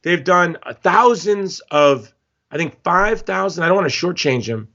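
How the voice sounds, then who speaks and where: A man's voice: high voice, expressive, measured pace, bright, forceful tone, lo-fi sound. A man speaking as a guest in a podcast interview, telling stories with passion and emphatic repetition. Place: Hawaii.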